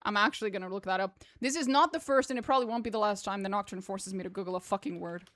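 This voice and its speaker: A woman's voice: medium pitch, racing, a bit bright, no room sound. A woman streaming a game, joking and swearing casually as she reacts to the text. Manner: profane, joking, reads game text aloud. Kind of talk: casual gameplay commentary.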